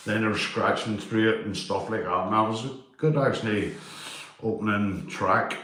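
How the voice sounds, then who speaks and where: A man's voice: lowish voice, moderate pace, a bit bright, very echoey. A man chatting casually with stream viewers, rambling and swearing, with local slang. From Northern Ireland. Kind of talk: casual live-stream chat.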